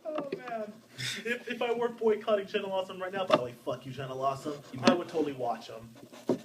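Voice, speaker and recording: A man's voice: high-pitched, fast talker. A young man co-hosting a casual podcast, rambling with lots of filler words and swearing freely. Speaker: podcast co-host. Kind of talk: casual chat. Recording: distant mic, loud background noise.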